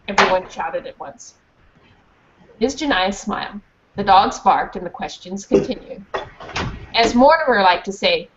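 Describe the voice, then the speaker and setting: A woman's voice: medium pitch, expressive, measured pace, pauses often. A woman reading a children's storybook aloud in a classroom, stopping to ask the children questions and check that they understand. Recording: dull muffled recording with faint hiss.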